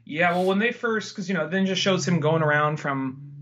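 A man co-hosting a podcast, casually recapping a movie and acting out scenes in quick mimicked voices. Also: high-pitched, a bit bright, highs cut off. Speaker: podcast co-host.

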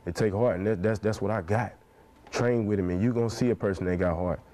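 A man in his twenties speaks in an interview with passionate, preacher-like conviction, dropping "man" into nearly every phrase. His voice is fairly low and dark, and he talks at a quick pace.

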